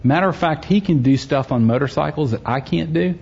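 A man's voice: a little high, brisk, creaky, darkish tone, husky, highs cut off. A middle-aged man, a pastor, preaching a sermon and telling a personal story, conversational and joking with the congregation.

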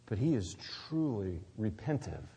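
A pastor preaching a sermon, swinging between loud emphasis and near-whispered asides. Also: male voice, fairly low pitch, sing-song, unhurried, husky. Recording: long reverb of a large hall.

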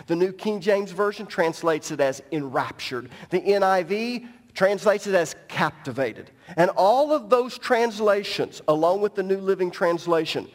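A man with a notably high voice delivers an animated, emphatic sermon in a church, breaking off for joking asides. His voice rings out with a long hall reverb around it. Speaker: pastor. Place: large church sanctuary.

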